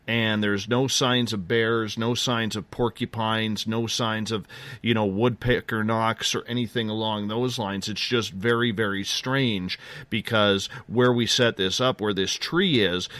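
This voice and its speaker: A middle-aged man tells a story as a radio interview guest, and his excitement keeps getting ahead of him, so he restarts sentences and jumps back. His voice sits low, and the sound is dry with no room around it. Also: no echo. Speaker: interview guest, field investigator.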